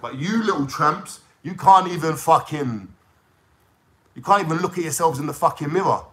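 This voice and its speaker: A man's voice: a little high, lively intonation, moderate pace. A young man from London with a London accent, ranting to his viewers in a heated, swearing, slang-heavy monologue.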